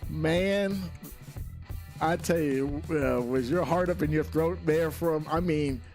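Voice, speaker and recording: Male race commentator, higher register, excitable and chatty with filler words, faint music underneath. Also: slow pace. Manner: excitable, rising sharply at big moments; loose, many filler words. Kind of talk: live sim racing commentary.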